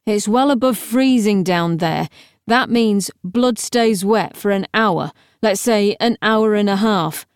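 A woman reads a sharp, impatient young necromancer who lectures everyone around him. He sounds exasperated and brisk, in a dry, close audiobook recording. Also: medium pitch, clear, resonant tone, no echo. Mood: lecturing. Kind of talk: audiobook character reading.

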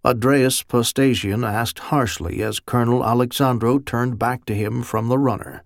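A man giving steady, measured audiobook narration on a close studio mic. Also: medium pitch, gravelly, dry recording.

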